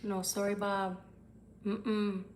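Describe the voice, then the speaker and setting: A woman's voice: mid-range voice, level tone, slow, a little mellow, slight background noise. A young woman hosts a tarot livestream, talking loosely to her viewers. She answers their comments as they come in and swears casually.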